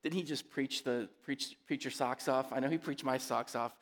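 A man's voice: medium pitch, normal speed. Male pastor preaching in a reverberant hall. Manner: conversational, asks the congregation to respond. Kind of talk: sermon.

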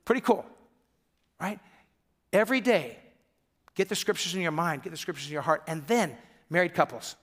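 A man's voice: a little high, moderate pace, long pauses, a bit bright. A middle-aged man from Michigan preaching a sermon as pastor, telling stories and acting out the voices of people he quotes.

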